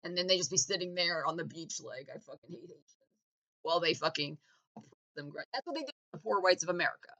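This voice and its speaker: A woman's voice: on the low side, expressive, very fast, few pauses, a bit bright, dull audio. A woman ranting in a vlog, sarcastic and mocking, swearing freely. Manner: sarcastic, mocking, profane, heated. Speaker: vlogger. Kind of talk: profane political rant.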